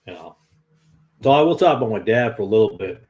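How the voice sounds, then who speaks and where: A man's voice: on the low side, lively intonation, fairly quick, a little mellow. Man in his fifties, Northern US accent, lay preacher, earnest, conversational sermon. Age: 50s. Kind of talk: informal sermon.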